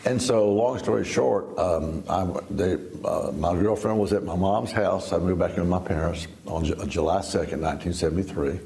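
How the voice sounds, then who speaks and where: An older man in his seventies with a low, gravelly voice tells his testimony as an interview guest. He speaks in a folksy, easygoing way and laughs now and then. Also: normal speed, hardly any pauses, dark tone. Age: 70s. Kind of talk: storytelling testimony.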